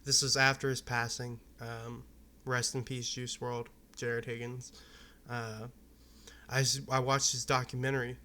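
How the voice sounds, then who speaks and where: A young man from Arizona talks straight to camera in a loose, rambling vlog, cursing freely as he goes. His voice is bright and edgy, and it stays on an even, level pitch with little rise and fall. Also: measured pace. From Arizona, USA. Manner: candid, loose, profane, rambling. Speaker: vlogger. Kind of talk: casual personal talk to camera.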